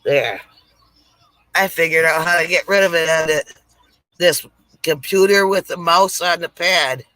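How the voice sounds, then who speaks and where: Slow-talking bright-voiced woman streamer. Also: on the low side, dry recording, low-quality recording. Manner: chatty, reads viewer comments aloud, laughs at own jokes. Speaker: live stream host. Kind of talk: casual live stream chat and joke telling. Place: home setup near a lake.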